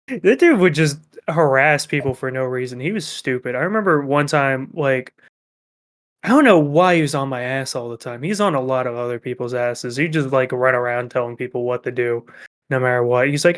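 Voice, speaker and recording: A young man co-hosting a podcast, telling work stories in a profane, animated way. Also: medium pitch, a little fast, smooth. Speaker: podcast co-host. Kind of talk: casual chat.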